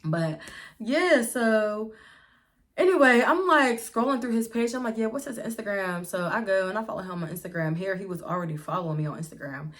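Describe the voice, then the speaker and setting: A young woman from the Pittsburgh area of the US hosts a casual storytime vlog, chatting with viewers at home and calling them y'all. Her medium-pitched voice moves a little fast, lively and full of free swearing.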